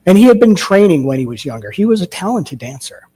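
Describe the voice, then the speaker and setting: A man's voice: sits high, very animated, quick pace, mellow, husky. A male minister giving a sermon, telling a story and asking rhetorical questions. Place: church sanctuary.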